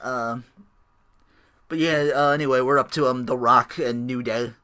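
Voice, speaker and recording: A man hosting a casual wrestling chat show, animated and laughing often as he acts out quotes. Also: mid-range voice, unhurried, clear, resonant tone. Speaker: podcast host.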